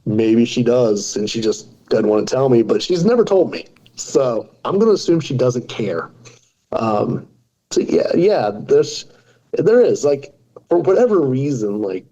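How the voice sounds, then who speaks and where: A man's voice: mid-range voice, big pitch swings, unhurried, dark tone, rough recording. A man in his forties, a podcast guest, talking casually and telling self-deprecating jokes. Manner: joking, self-deprecating storyteller. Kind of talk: casual interview talk.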